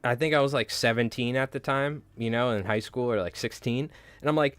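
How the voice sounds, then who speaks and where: Tying flies on his live stream, a young adult male host chats casually at a fairly quick clip. His medium-pitched voice sounds clear and resonant, with no echo, as he rambles through stories full of swearing and filler words.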